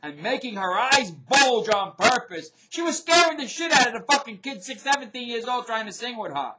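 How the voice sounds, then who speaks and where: A middle-aged man hosting his own show, ranting in a loud, profane, repetitive way. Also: very high-pitched, very animated, normal speed, over a noisy crowd. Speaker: show host. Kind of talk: ranting video commentary.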